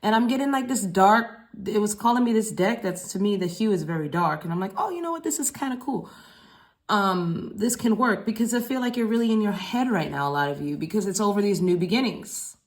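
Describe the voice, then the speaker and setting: A woman's voice: mid-range voice, brisk, few pauses. A woman giving a casual collective tarot reading, talking in a loose, rambling, slangy way with frequent swearing and repeated phrases. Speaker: tarot reader.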